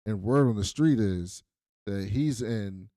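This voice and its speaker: This co-host of a casual TV recap podcast has a lowish voice and a measured pace. He brings scenes to life as he retells them, performing what the characters said, and the studio-quality audio has no room sound.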